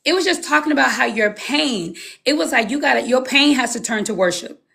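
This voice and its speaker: A woman in her thirties sharing a personal testimony as an interview guest, telling it with animated storytelling and acting out her own past words. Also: high-pitched, brisk, gravelly.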